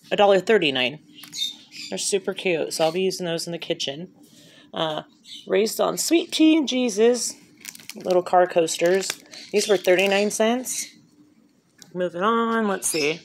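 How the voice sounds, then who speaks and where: Filmed on a handheld phone at home with a little hiss or hum, a woman with a mid-range voice walks through a shopping haul. She's chatty and upbeat, reading off prices as she goes.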